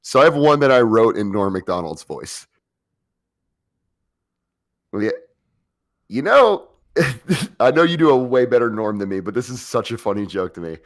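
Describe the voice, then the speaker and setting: A man's voice: medium pitch, very animated, moderate pace, pauses often, no room sound, clean studio sound. A male comedian in casual podcast chat, hesitant and stammering before his jokes.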